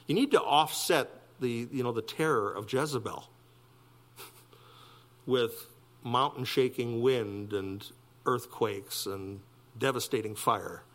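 A man preaching a sermon, his voice swinging from soft, low asides to loud, high emphasis. He speaks in a middle register and presses hard on key points. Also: takes it slowly. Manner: animated preaching, rising loud and high for emphasis, dropping soft for quiet lines. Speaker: pastor.

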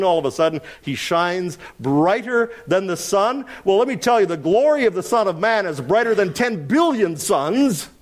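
A middle-aged man preaching an expository sermon, swinging between loud emphasis and quiet asides. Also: fairly high pitch. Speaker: pastor.

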